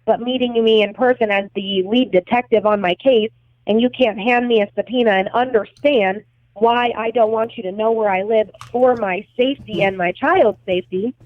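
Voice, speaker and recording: A young adult woman, her voice on the high side, recounts events at a moderate pace as a guest on a podcast. It's an emotional storytelling interview, and she's blunt, agitated and swears heavily. The line sounds tinny and phone-like, dry with no room sound.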